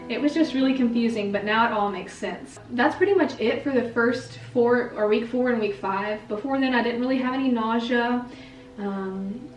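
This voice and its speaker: A woman's voice: mid-range voice, distant mic. A woman in her twenties chatting candidly to camera at home, with lots of "like"s. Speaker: vlogger. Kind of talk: casual chat to camera. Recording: echoey room, a little off-mic, faint music.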